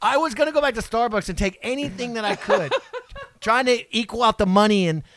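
A man co-hosting a casual chat, telling stories with lively bursts of shouting. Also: very high-pitched, brisk. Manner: animated storyteller, bursts into loud shouts. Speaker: co-host.

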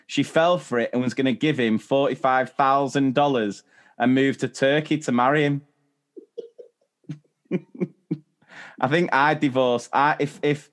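A man's voice: medium pitch, normal speed, pauses often. A man in his thirties co-hosting a podcast, reading out stories and quizzing his co-host. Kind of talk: casual chat.

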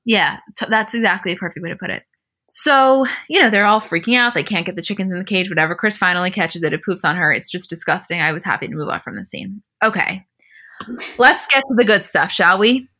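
Bright-voiced young woman podcast co-host. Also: medium pitch, a little fast. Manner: animated, acts out quotes with a lifted voice. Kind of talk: casual chat recapping a reality show.

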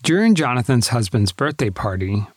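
Man, scripted narration, dramatic, lively pitch, dry sound. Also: moderate pace, no echo.

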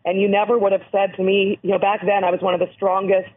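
Hoarse woman on a tinny phone line. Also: medium pitch, little pitch movement, quick pace. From Canada. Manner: earnest, emphatic, explanatory. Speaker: guest, abuse-prevention educator. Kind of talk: interview over the phone.

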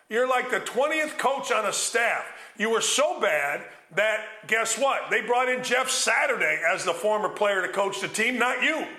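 Male sports talk host, blunt fired-up rant, sharp bright tone. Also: high voice, expressive, unhurried, hardly any pauses, echoey room. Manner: blunt, loud, ranting.

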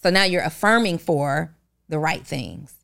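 Smooth-voiced woman coaching. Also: sits low, animated, a little slow, fairly bright tone. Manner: earnest, coaching, works through examples step by step. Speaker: podcast co-host. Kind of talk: motivational podcast talk.

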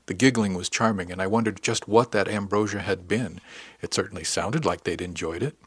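Male narrator, low voice, dry studio read, even wry storytelling. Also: brisk, slightly rough, dry recording. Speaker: audiobook narrator. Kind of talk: first-person scripted narration.

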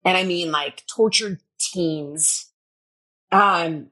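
A middle-aged woman, a fitness personality, guests in a casual interview, telling stories in an extremely slow, husky, fairly low voice. She's an animated storyteller who acts out quotes, swears freely, and laughs often.

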